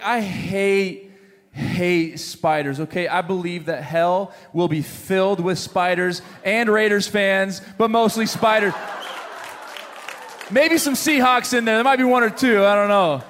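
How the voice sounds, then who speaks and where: A man preaching to a congregation, an animated storyteller who jokes with the crowd between points. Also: sits high, measured pace, in a large hall, slight background noise. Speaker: pastor. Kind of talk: sermon with a humorous story. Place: church hall with congregation.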